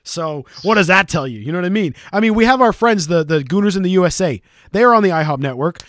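A man with a fairly high voice holds court on a podcast, spinning loose, profanity-laced stories. The recording is dry and close, with no room sound around him. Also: lively intonation, quick pace, a bit bright, no room sound. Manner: profane, storytelling banter. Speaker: podcast co-host. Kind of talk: casual podcast chat.

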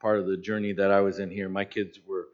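A pastor in his fifties preaching a sermon in an animated, conversational way with joking asides. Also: low voice, quick pace. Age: 50s. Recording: slightly dull lo-fi sound.

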